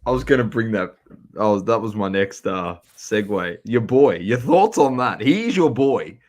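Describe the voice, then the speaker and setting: Teasing Australian man, lowish voice. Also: animated, normal speed, darkish tone. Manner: jokey, teasing, runs the segments. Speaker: podcast host. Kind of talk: casual sports chat.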